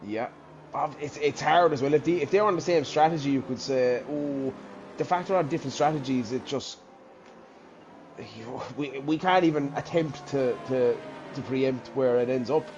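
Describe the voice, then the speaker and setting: A man's voice: medium pitch, normal speed, darkish tone, muffled recording, a little hiss or hum. Man musing through live race commentary. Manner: thinking aloud, many restarts and trailing sentences. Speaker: sim racing commentator.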